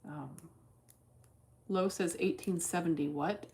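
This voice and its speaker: A woman's voice: lowish voice, slow pace, darkish tone, slight background noise. A woman streaming her day trading in casual chat, blunt and cursing freely as she thinks aloud. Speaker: livestreamer trading stocks.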